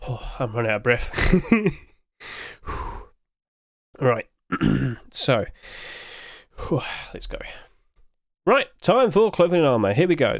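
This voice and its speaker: A man's voice: fairly high pitch, dry recording, studio quality. A young man giving casual commentary on video game skins, chatty and often asking his viewers questions. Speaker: video game skin reviewer.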